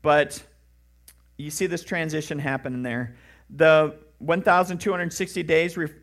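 A man's voice: on the high side, steady tone, measured pace, fairly bright tone. A man, a pastor, preaching a sermon in an earnest, conversational way with emphatic rising questions.

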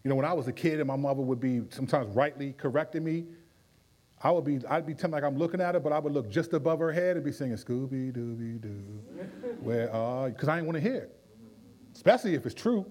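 Pastor, male, animated, talks in bursts, restarts often, voice a bit on the high side. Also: fast talker. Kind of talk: conversational Bible teaching in a Q&A.

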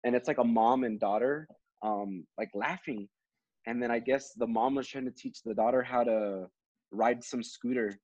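A man's voice: medium pitch, normal speed, a little mellow, dry recording, lo-fi sound. A man who is a teacher and co-hosts a podcast, telling a story in casual chat with many fillers and restarts.

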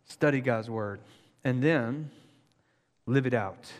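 A man preaching a sermon in an energetic, joking, conversational way. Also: mid-range voice, slow, big-room sound. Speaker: pastor.

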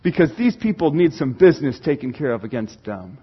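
A man's voice: fairly high pitch, sing-song, fairly quick, breathy edge, muffled recording, pitched below the performer's own voice. A preacher acting out a fervent male psalmist who prays to God for help against enemies. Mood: pleading. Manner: fervent pleading, quoted prayer.

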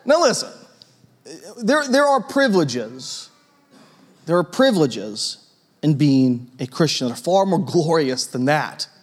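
A man preaching a sermon in a church, conversational and lively, with a storytelling manner and frequent asides to his listeners. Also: a little high, measured pace. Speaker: pastor.

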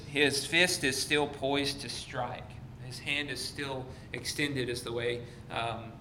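A man's voice: medium pitch, pushed and bright. A man teaching an evening Bible study in a conversational way, with many fillers and restarts. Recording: echoey room with faint noise.

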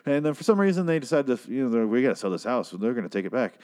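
A man giving a crude, sarcastic recap of a TV episode, tossing in quick asides. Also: mid-range voice, very animated, a little mellow. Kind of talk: casual profane TV recap.

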